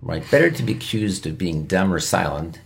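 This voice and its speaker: A man's voice: deep voice, lively intonation, normal speed, gravelly, slightly rough. A man, a physician, giving emphatic, repetitive coaching advice as an interview guest. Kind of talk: instructional interview answers.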